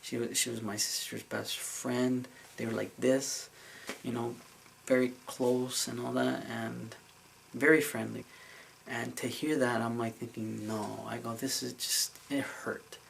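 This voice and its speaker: A man's voice: mid-range voice, level tone, measured pace, gravelly, a bit bright, slight background noise, poor audio. A man telling a dream story in a casual vlog, earnest and emotional, rambling with many fillers and restarts. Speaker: vlogger recounting a dream.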